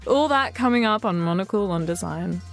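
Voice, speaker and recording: A woman's voice: medium pitch, lively intonation, normal speed, music in the background. A woman co-hosting a radio show in a studio, speaking in an easygoing way with small fillers. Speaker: radio co-host.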